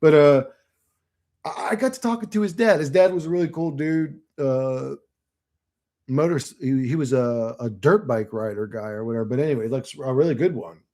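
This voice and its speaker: A man's voice: medium pitch, moderate pace, darkish tone. Rambling, cussing man from Florida. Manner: rambling and profane, with frequent fillers and laughs. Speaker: channel host reading viewer comments. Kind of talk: casual rambling monologue.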